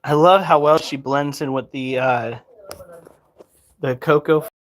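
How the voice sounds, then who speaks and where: A man casually telling a pet vlog audience an animated story and swearing freely as he goes. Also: fairly high pitch, measured pace. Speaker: pet keeper and vlogger.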